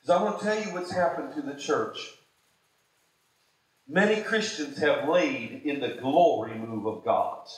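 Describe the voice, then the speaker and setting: A man preaching a sermon as pastor, fervent, swinging between shouted exhortations and low, quiet asides. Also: a little slow. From United States. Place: church sanctuary. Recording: very echoey church hall.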